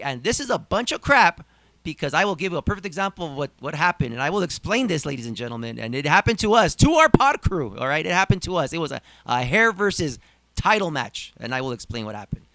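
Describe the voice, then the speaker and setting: A man with a somewhat high voice hosts a casual podcast, recapping events with theatrical flair and mock outrage. His delivery sounds dry and close to the mic. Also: fairly quick, no echo. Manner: animated, theatrical recap with mock-dramatic asides. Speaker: podcast host.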